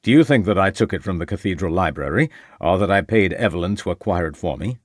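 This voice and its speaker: Man doing a slow-drawling, unflappable American doctor for an audiobook, deep voice, lively pitch. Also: no echo, studio quality. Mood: assured. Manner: slow drawl, formal and assured.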